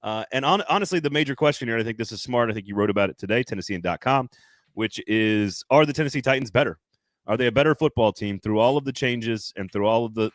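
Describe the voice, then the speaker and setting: A man's voice: on the low side, no room sound. A man hosting a sports podcast, talking in a loose, rambling, jokey way. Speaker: podcast host. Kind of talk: casual sports talk.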